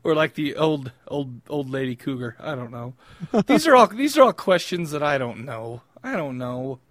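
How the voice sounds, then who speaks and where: A man's voice: medium pitch, expressive, normal speed, fairly bright tone, no echo. A young adult man co-hosting a podcast, rambling through crude casual banter and laughing often. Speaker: podcast co-host. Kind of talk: casual chat.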